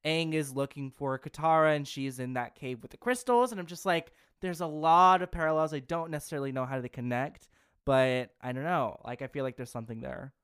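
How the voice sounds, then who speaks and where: Smooth-voiced podcast co-host, dry sound. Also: mid-range voice, a little fast, a bit bright, dry recording. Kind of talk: casual podcast chat.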